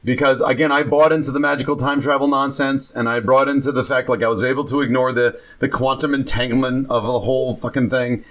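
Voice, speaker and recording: A man's voice: mid-range voice, level tone, fast talker, few pauses, a bit bright. A man co-hosting a film podcast, giving blunt, opinionated takes in casual chat and swearing now and then. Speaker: podcast co-host.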